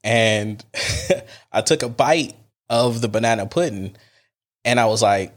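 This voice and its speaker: A male podcast host talking straight to his listeners in a loose, casual monologue. He is animated and emphatic, full of slang and asides. His voice sits at an ordinary pitch for a man. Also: a little slow, long pauses.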